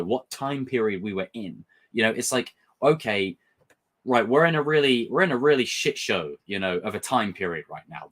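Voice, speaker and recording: Animated man ranting. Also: on the high side. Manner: animated, rambling, passionate and profane. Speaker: film and TV reviewer. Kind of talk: casual review vlog.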